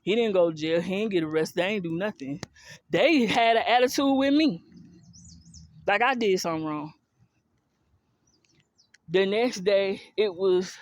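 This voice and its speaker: In a casual monologue, a woman from the US South and Philadelphia shares a personal story directly with her listeners, blunt, heated and profane, in an African American Vernacular English accent. Her medium-pitched voice is animated but a little slow, with long pauses, and there's no room sound.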